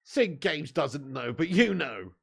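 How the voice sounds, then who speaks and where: A man's voice: fairly high pitch, sing-song, slow, creaky, husky. A man, live-streaming a football watch-along, chatting with viewers in laddish, sweary banter and laughing often. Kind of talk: live stream chat and match commentary.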